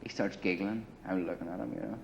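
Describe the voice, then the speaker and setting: Low-pitched, creaky and darkish, his voice moves fast over a slight hiss or hum. The man is an interviewee casually telling a lengthy war story in a grungy apartment, rambling, profane and heavy on "you know" and "right," captured in dull lo-fi 1980 film sound.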